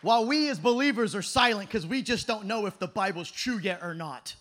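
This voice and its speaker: High, bright-voiced impassioned young male preacher. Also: expressive, a little fast, few pauses. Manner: impassioned, often shouting, swings between loud and hushed. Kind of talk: youth camp sermon.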